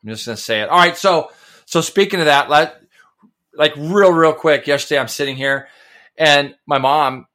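A man co-hosting a podcast, telling stories in a rambling, excitable way and tripping over his words. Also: fairly high pitch, normal speed. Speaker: podcast co-host. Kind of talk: casual chat.

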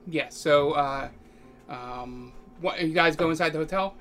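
A man narrating as game master of a tabletop game, rambling with many pauses and fillers. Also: a little high, a bit bright, soft background music. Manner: rambling, lots of ums and pauses.

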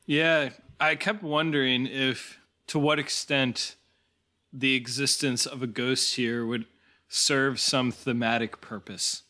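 A man's voice: mid-range voice, fairly even intonation, slow, bright, forceful tone. A man co-hosting a podcast, reflecting thoughtfully and a little hesitantly on a film in casual chat. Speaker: podcast co-host.

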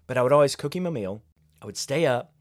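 Talking fast and animatedly in a mid-range voice, a man who is a pastor and podcast host reflects on parenting by himself. He's candid and self-deprecating, frequently restarting sentences. The recording is studio quality with no echo.

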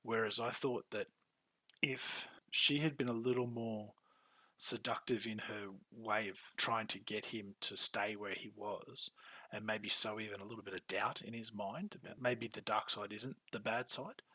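A man's voice: fairly low pitch, dry recording, poor audio. A man co-hosting a podcast recap, talking casually and animatedly, swearing freely and acting out characters' lines. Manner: animated, acts out characters' lines in quick bursts. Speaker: podcast co-host.

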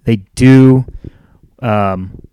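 A man's voice: mid-range voice, extremely slow, dark tone, clean tone, no echo. A man hosting a casual solo podcast, rambling and upbeat, with lots of fillers and restarts. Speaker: podcast host.

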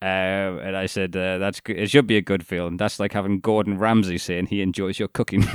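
A man's voice: low-pitched, clean tone, dry recording. A man co-hosting a podcast in casual chat, dry and sarcastic, swearing casually. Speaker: podcast co-host.

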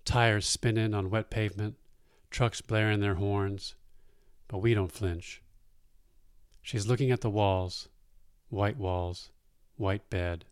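A man reading a first-person story aloud in a plain-spoken, unhurried way. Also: fairly low pitch, steady tone, clean tone, dry recording, clean studio sound.

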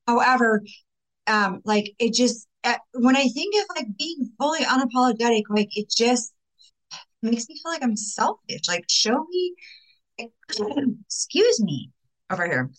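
A young woman talks straight to her viewers as a faith-based life coach, her voice lively and quick to jump in pitch. She speaks casually and with emphasis, peppering her sentences with "like" and "you know.". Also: rough recording. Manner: animated, emphatic, talks with many fillers like "like". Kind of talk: casual vlog talk to viewers.

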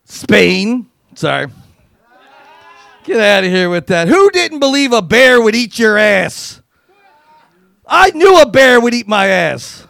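A man performing a crude, profane stand-up comedy routine, riffing and acting out quotes with loud, punchy bursts. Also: high-pitched, big pitch swings, measured pace, creaky, pauses often, no echo, studio quality.

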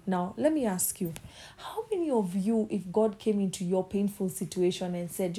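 Mellow-voiced woman preaching with passion. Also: mid-range voice, normal speed. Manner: passionate, acts out quoted voices. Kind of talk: sermon.

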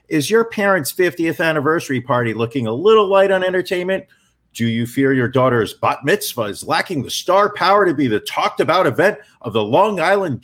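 A slick, hyped radio ad announcer, put on by a podcast host. He pitches in a raised, punchy voice with big announcer swings. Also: a bit bright.

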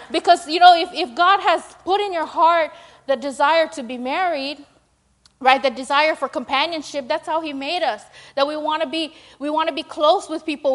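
High-pitched young woman, informal sermon, chatty and self-mocking. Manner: chatty, full of fillers and "right?"; acts out her own prayers in a higher, louder voice. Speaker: speaker at a church gathering.

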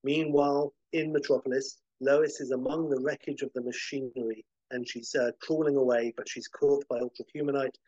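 A man hosting a podcast, narrating a film pitch vividly, with occasional fillers. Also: flat delivery, brisk, few pauses, a little mellow, no room sound, dull audio. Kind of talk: animated story pitch.

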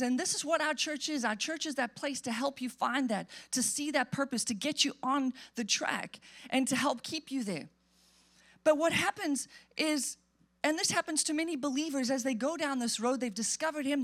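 A woman pastor preaching a sermon in church, emphatic and animated, acting out quotes as she goes. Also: high-pitched, normal speed.

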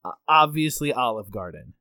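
A man's voice: mid-range voice, lively intonation, moderate pace, bright, forceful tone, dry recording. A man co-hosting a podcast, talking in a laid-back, wry way. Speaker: podcast co-host. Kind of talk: casual chat.

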